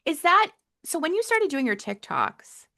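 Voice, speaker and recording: A woman hosting a podcast, asking her guest questions in a warm, encouraging way. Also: very high-pitched, very animated, measured pace, gravelly. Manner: encouraging, asks leading questions. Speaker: podcast host. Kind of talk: casual interview chat.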